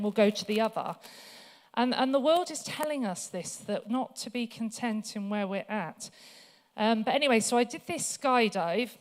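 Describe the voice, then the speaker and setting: Woman, church talk, chatty storyteller, lots of fillers, slightly high voice. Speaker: guest speaker. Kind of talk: church talk with personal stories.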